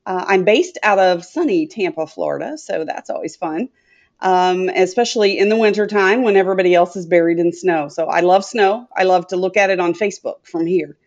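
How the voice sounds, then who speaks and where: A woman's voice: on the low side, fairly quick, a little mellow. Chatty middle-aged woman on lo-fi audio. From Tennessee. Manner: chatty, rambling, many filler sounds. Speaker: guest, sales consultant. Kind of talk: conversational interview. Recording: dull lo-fi audio.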